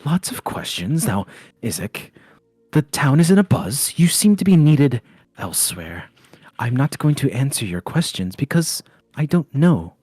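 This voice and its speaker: A man voicing Danica, an evasive, nervous female barkeep, in a higher, lilting, deflecting voice. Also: very animated, measured pace, warm tone, slightly rough, no echo, studio quality.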